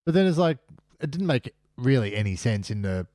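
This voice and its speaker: Animated man retelling scenes. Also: medium pitch, fairly quick, no echo, clean studio sound. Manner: animated retelling, acts out quotes. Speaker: podcast guest. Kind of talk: casual chat.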